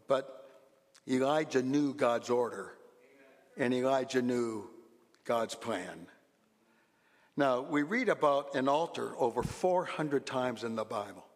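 A man preaching a sermon as a pastor, swinging from low asides to loud, animated exclamations. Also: long reverb tail.

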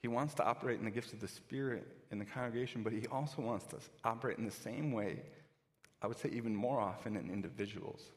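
A man's voice: lowish voice, fast talker, long reverb tail. A pastor giving a conversational sermon, often restarting his sentences.

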